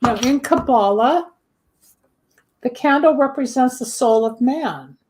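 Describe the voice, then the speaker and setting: A woman host with a slightly high voice talks in a loose, chatty way. She explains things through homely examples. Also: slow, a little mellow. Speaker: host, candle magic practitioner. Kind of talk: casual talk show chat.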